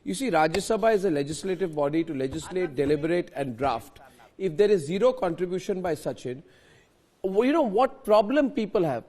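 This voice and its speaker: A man moderating a heated televised news debate, forcefully interrupting and repeating panelists' names. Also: high voice, expressive, a little fast.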